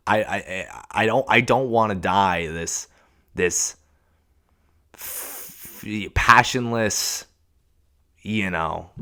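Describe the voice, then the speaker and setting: A young man from Washington state hosts a casual solo podcast. His voice sits fairly low. He rambles in halting starts and restarts, swears often and calls the listener dude. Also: fairly bright tone. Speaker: podcast host.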